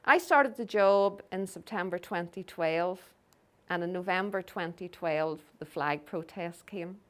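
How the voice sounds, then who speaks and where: This middle-aged woman from Belfast, Northern Ireland, gives a slide lecture and tells stories, acting out the people she quotes. Her voice is fairly low and fairly bright, and she speaks at a measured pace.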